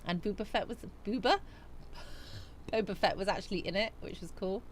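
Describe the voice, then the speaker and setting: A woman's voice: medium pitch, fairly even intonation, moderate pace, a little hiss or hum. A woman livestreaming a casual chat, rambling with lots of ums as she reads out viewer comments. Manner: chatty and rambling, with many ums.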